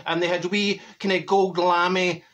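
A man's voice: high-pitched, little pitch movement, moderate pace, a bit bright, highs cut off. A man playing a chatty, gossipy middle-aged Glaswegian woman with a broad Glaswegian accent, telling rambling comic stories full of malapropisms. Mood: gabbing. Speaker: comedy character monologue. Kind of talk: comedic storytelling monologue.

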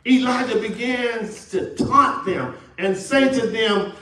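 Slow and very high-pitched, with a fairly bright tone, the Texas pastor's sermon echoes through the sanctuary, recorded from a distance. He preaches Southern call-and-response style, putting questions to the congregation and dramatizing the quotes of his story's characters.

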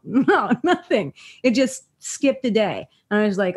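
A woman's voice: a little high, animated, moderate pace, hardly any pauses, husky. A woman sitting in as guest on a podcast, brash and profane, laughing often through crude banter. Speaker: guest co-host.

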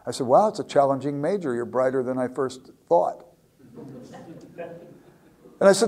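A man's voice: medium pitch, animated, moderate pace, long pauses, darkish tone. Man lecturing through a story. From United States. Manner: anecdotal, repeats words when starting a thought.

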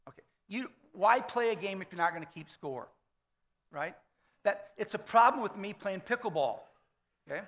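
This preacher, a man in his fifties, addresses his congregation in a church with lively intonation and a moderate pace. His voice is high for a man, bright and forceful, and he tells stories casually, regularly tossing "okay?" to the room.

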